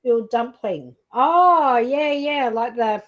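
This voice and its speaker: A woman's voice: on the high side, lively intonation, a little slow, lo-fi sound. An Australian woman hosting a live cooking stream, chatting casually, reading out viewer comments and laughing easily.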